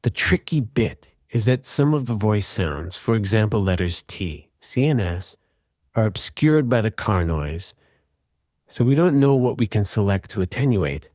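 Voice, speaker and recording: A man calmly and methodically walking through an audio repair tutorial in voice-over. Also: fairly low pitch, measured pace, dry recording, clean studio sound. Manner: calm, methodical explaining. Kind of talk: screen-recorded software tutorial.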